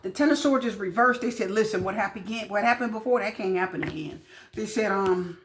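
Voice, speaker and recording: A woman giving a casual tarot reading, chatty and repetitive, often pausing with fillers. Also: medium pitch. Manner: chatty, repeats phrases, frequent fillers. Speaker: tarot reader. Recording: echoey room with faint noise.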